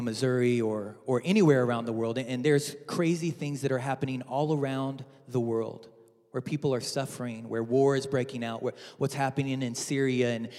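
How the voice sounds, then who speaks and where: A man's voice: medium pitch, darkish tone. A man preaching a sermon in a church, telling a story playfully with many repeats. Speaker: pastor. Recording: hall with long reverb.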